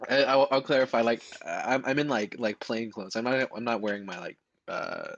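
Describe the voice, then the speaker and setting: A man's voice: mid-range voice, normal speed, no echo, highs cut off. A man playing in a tabletop game, talking casually and hesitantly with restarts. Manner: laughing, hesitant, stammering. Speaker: player.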